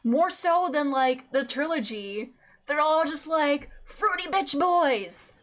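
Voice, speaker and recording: A woman's voice: sits high, lively intonation, slow pace, fairly bright tone. A woman streaming a video game, chatting casually, laughing often and swearing freely. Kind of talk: casual gameplay commentary. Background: faint game music.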